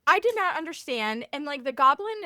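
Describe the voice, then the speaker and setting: A woman co-hosting a podcast in casual chat, playful and expressive. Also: high voice, no room sound, clean studio sound. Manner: expressive and playful, quick to laugh. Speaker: podcast co-host.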